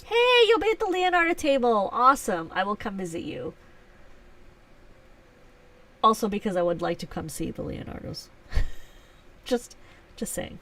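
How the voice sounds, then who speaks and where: A woman's voice: a little high, animated, normal speed, long pauses, a bit bright, recorded from a distance. Chatty woman hosting a live stream. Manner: chatty, self-teasing, laughs often. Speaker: livestream host. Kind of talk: casual live chat answering viewers.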